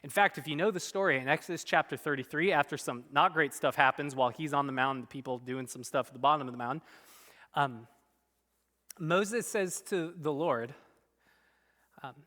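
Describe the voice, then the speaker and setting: A man preaching a sermon as pastor, animated and emphatic, at times dropping to soft, quiet tones. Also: a little high, normal speed. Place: church sanctuary. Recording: long reverb in a church hall.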